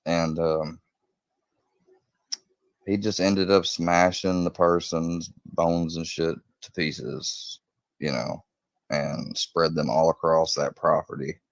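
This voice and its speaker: A man's voice: low voice, steady tone, takes it slowly, vocal fry, dry recording. A man telling a crime story in a casual, rambling way, swearing often and acting out quoted lines in a raised voice.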